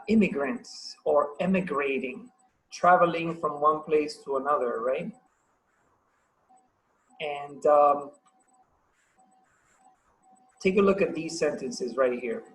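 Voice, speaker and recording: Guy teaching english on a video call, paraguayan spanish accent, slow and patient, kinda high voice. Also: rough recording. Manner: patient, encouraging, asks many questions. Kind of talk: online class teaching.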